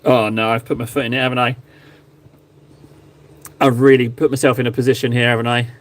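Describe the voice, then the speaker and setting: A man's voice: medium pitch, little pitch movement, a little fast. A man streaming live, chatting casually and joking with his viewers while painting miniatures. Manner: chatty, jokey, mock-grovelling. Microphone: phone camera.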